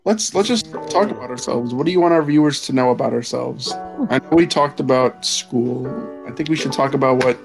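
Teenage podcast host, halting delivery. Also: male voice, medium pitch, creaky, faint music behind, rough recording. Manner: halting, repeats words while leading the talk. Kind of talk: casual group podcast chat.

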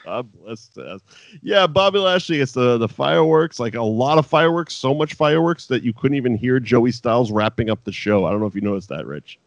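A man co-hosting a podcast, talking in a profane, animated, casual way. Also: mid-range voice, a little fast, dry recording, lo-fi sound. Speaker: podcast co-host. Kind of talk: casual chat.

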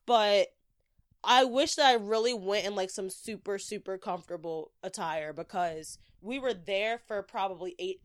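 A young woman hosting a podcast, casually telling an animated story and acting out the quotes. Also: dry recording, studio quality. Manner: animated, acts out quotes with big pitch jumps.

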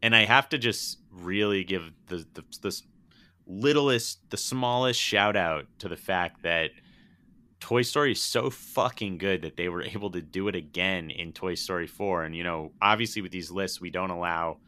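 A young man with a very low but bright, forceful voice talks about films in casual podcast chat. He rambles and gets emotional, swearing as he goes. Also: moderate pace. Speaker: podcast co-host.

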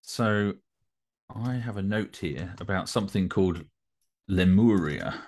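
A man's voice: deep voice, unhurried, a little mellow. A man co-hosting a podcast in casual chat, teasing and hesitant, often starting with "so". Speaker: podcast co-host.

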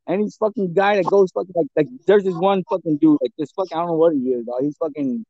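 A man with a gravelly, fairly high voice, talking casually and profanely on a podcast. He laughs often and slips into Spanish. The recording is dry and a little dull. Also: fast talker, warm tone, dry recording. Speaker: podcast co-host. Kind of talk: casual chat.

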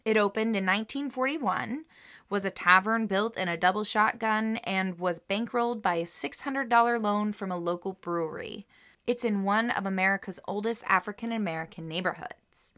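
Bright-voiced woman podcast host reading history. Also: mid-range voice, moderate pace. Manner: reads researched passages, then reacts emotionally. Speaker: podcast co-host telling a story. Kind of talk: casual chat with read-aloud history and quotes.

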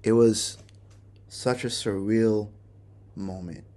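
A male podcast host telling a personal story in a halting, remorseful way, often restarting his sentences. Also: on the low side, fairly even intonation, mellow. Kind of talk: personal confession monologue.

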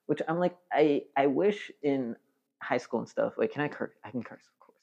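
A man's voice: medium pitch, expressive, normal speed, creaky, darkish tone. A man in his twenties, a podcast guest, talking in a rambling, casual way full of fillers. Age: 20s. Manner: rambling, filler-heavy, laughs easily. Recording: dull lo-fi podcast audio.

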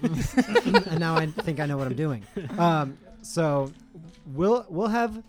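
A man's voice: a little high, expressive, slow, soft background music. A man playing a tabletop role-playing game, joking and haggling in character. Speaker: player. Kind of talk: improvised tabletop role-play.

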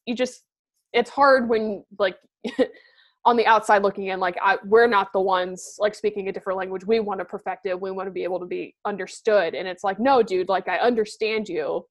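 A woman's voice: mid-range voice, steady tone, a little fast. Young woman talking casually, blunt, swears a lot, lots of likes and ums. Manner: blunt, swears often, many fillers. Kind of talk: casual chat.

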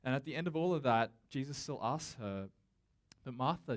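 A man delivering a sermon in an easygoing, conversational tone, speaking directly to his congregation. His voice sits at an ordinary, middling pitch. He preaches with casual fillers and restarts rather than formal oratory. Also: lively intonation, moderate pace. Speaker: pastor.

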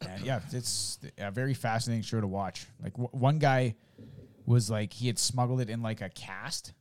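A man's voice: medium pitch, moderate pace, a little mellow. A man co-hosting a podcast, telling rambling, profane stories in casual chat and slipping into character voices. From Canada. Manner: rambling storyteller, swears freely, acts out voices. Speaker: podcast co-host.

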